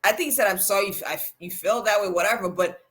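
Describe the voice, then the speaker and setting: A woman co-hosting a casual reality TV recap chat, acting out quotes with big jumps in pitch. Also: racing, a bit bright. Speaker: reality TV podcast co-host.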